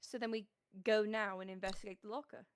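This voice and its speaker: A woman playing a tabletop game, animated, asking quick questions and planning aloud. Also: medium pitch, clear, resonant tone. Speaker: player. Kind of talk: casual tabletop role-play.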